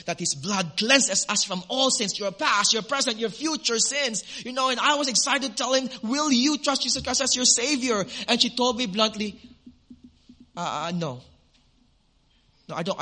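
A male pastor tells a story in his sermon, his high and bright voice jumping between loud, lively bursts and hushed, earnest stretches. He speaks as a preacher to his congregation.

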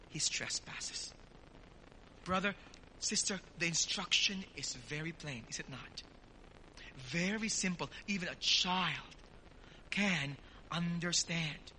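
A male pastor preaching a sermon in an earnest, emphatic way, speaking straight to his congregation and slowing down to stress key words. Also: sits high, bright, forceful tone, a little hiss or hum, low-quality recording.

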